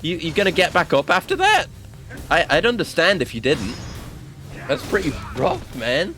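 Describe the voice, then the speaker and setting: A man's voice: a little high, moderate pace, music in the background. A man giving casual let's-play commentary on a video game, yelping and swearing when the game surprises him. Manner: excitable, yelps and swears at the game. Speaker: gaming streamer.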